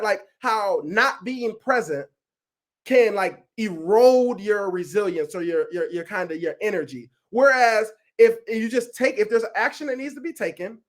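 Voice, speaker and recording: A man leading a resilience workshop over a video call, animated and casual, often checking in with his listeners. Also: very high-pitched. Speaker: workshop facilitator. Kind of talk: energetic coaching talk on a video call.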